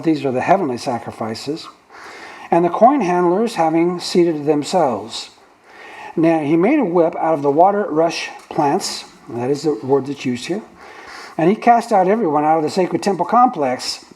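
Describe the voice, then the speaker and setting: A male pastor preaches in a fairly high voice for a man, teaching verse by verse. He stops often to explain old word meanings and restarts his sentences mid-thought. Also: a little mellow, rough recording. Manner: explanatory teaching, breaks down original-language words with restarts. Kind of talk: sermon. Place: church sanctuary.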